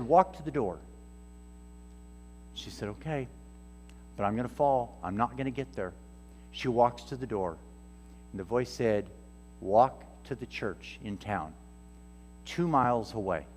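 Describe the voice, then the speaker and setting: A man preaching a storytelling sermon as a guest missionary speaker, acting out the people in his stories. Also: mid-range voice. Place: church sanctuary. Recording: reverberant church hall with soft music.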